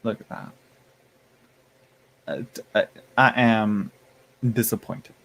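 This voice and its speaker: A man's voice: fairly low pitch, steady tone, takes it slowly, a bit bright. Tired, chatty man live-streaming. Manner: rambling, chatty, with many fillers and restarts; playful sass, addresses chat as y'all and honey. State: tired, yawning. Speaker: tarot streamer. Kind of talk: casual live-stream chat.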